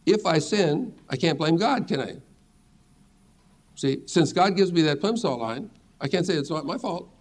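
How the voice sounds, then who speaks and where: A man's voice: a little high, animated, normal speed. A middle-aged man teaching a sermon as a pastor, earnest and reassuring as he reads scripture aloud.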